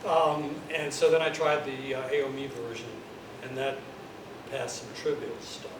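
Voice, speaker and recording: A man's voice: mid-range voice, flat delivery, normal speed. A man at a user group meeting, talking in a rambling, hesitant way. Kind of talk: casual chat. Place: office meeting room. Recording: distant echoey room, background noise.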